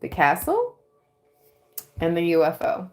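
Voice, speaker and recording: A woman giving a tarot reading on a livestream, dreamy and excitable, often breaking into giggles. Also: fairly low pitch, a little slow, soft background music. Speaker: tarot reader.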